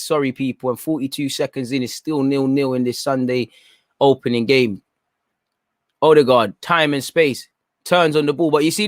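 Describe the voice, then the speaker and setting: A man giving excitable, slangy live commentary at a football watchalong, often talking to his viewers. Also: high voice, dry recording, clean studio sound. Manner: excitable, chatty, slangy, keeps addressing "people".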